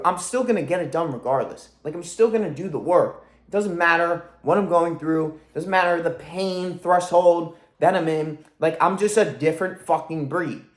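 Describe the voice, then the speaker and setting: A man's voice: a little high, reverberant. A man in his twenties, a fitness coach, giving an intense, profane motivational vlog monologue from his room at home. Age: 20s. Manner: intense, profane, self-driven.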